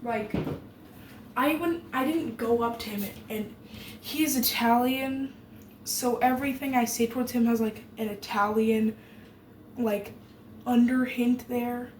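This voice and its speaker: Slow-talking rambling teen girl. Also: fairly high pitch, fairly even intonation, a little mellow. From Germany. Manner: rambling, many fillers, sarcastic asides. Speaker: vlogger. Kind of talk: casual chat while baking. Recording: echoey room with noisy background.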